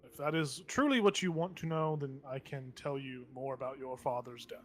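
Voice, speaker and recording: A man's voice: medium pitch, a bit bright, soft background music, close to an everyday voice. A man voicing a cryptic female spellcaster. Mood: measured. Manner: measured, formal and faintly menacing. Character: powerful female spellcaster bound by contracts, cool and cryptic.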